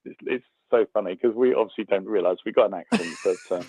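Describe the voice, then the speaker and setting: A man's voice: fairly low pitch, quick pace, hardly any pauses, slightly rough, no echo. A British man rambles cheerfully through a long call-in, full of ums and restarts. He sounds tinny, coming through a phone line. The sound is dry and close, with no room around it. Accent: British English. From England. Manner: chatty, rambling with many fillers. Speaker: caller.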